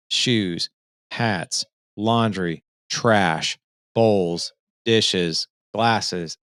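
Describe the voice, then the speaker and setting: A man's voice: sits low, a bit bright, no room sound, clean studio sound. A man in his forties telling a personal story in an earnest, emphatic way, often checking in with "right?". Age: 40s. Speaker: fatherhood coach and podcast host, here a guest. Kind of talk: conversational storytelling.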